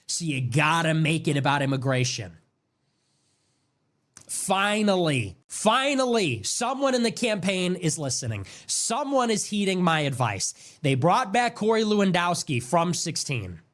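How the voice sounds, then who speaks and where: A man's voice: a little high, very animated, moderate pace, few pauses, fairly bright tone. A man hosting his own show, delivering an emphatic political commentary monologue and repeating words for stress. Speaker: show host.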